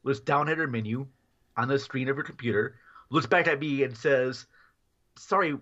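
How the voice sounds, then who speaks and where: Male podcast guest, bright-toned, loose and rambling, chuckles through his stories. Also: mid-range voice, normal speed, muffled recording. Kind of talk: casual storytelling.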